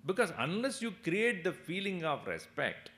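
A man's voice: sits high, normal speed. A man giving a spiritual discourse, telling stories, chuckling and asking his listeners questions. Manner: animated, chuckling, asks the audience questions. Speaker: spiritual teacher. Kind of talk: discourse with storytelling.

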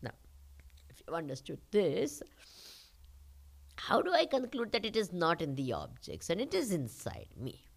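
A spiritual teacher with an Indian accent giving a talk to a live audience, asking rhetorical questions and pausing for the answers. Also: female voice, fairly low pitch, huge pitch swings, vocal fry. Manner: questioning, rhetorical, uses call-and-response.

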